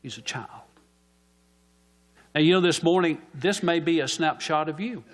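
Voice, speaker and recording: A man's voice: fairly high pitch, fairly even intonation, brisk. A man preaching a sermon in church, asking the congregation questions and answering them himself.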